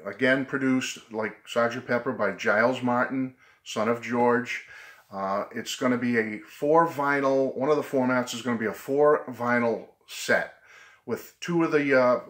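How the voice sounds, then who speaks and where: Excited New England man vlogging. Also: mid-range voice. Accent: New England (Boston/Providence). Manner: enthusiastic, rambling, laughs often. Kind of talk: casual excited vlog talk.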